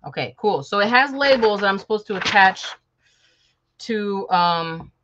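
A woman's voice: medium pitch, expressive, a little slow, dull audio, noisy background. A woman from Chicago, chatting casually and joking with viewers on a live stream while working on a sewing project at home. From Chicago, USA. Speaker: sewing vlogger.

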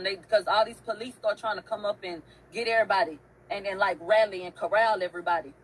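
A woman's voice: mid-range voice, fairly quick, few pauses, fairly bright tone, husky, rough recording. Emphatic woman host telling a story. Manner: emphatic, profane, repeats phrases for effect. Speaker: online show host. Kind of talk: casual storytelling rant.

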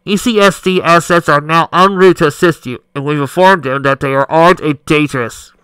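A man voicing a police radio dispatcher who gives a loud, clipped call, pitched above his own voice. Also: normal speed, clear, resonant tone, no room sound, poor audio. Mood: urgent. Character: radio dispatcher, urgent officer.

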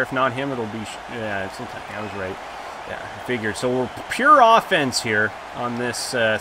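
Excitable man commentating his own gameplay. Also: medium pitch, a little hiss or hum. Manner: excitable, swings from grumbling to shouting. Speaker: gaming YouTuber.

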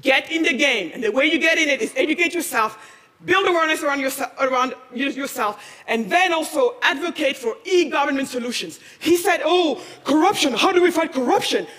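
A woman from Senegal giving a passionate conference talk, firing off challenging questions and rising to near-shouting. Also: sits high, fairly quick. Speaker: speaker at a conference. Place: large conference hall. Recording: long reverb of a large hall.

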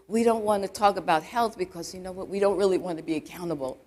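A woman's voice: lowish voice, fast, hardly any pauses, darkish tone. A woman church elder giving a conversational sermon to a live congregation in a church, peppering her talk with asides and questions to the crowd. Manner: chatty, full of "you know" asides, quizzes the congregation.

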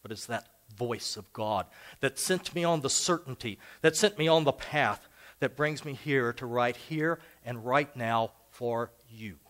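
A man's voice: mid-range voice, measured pace, a bit bright. An older man preaching a sermon as a pastor, telling personal stories in a conversational way. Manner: conversational and anecdotal. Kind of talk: storytelling sermon.

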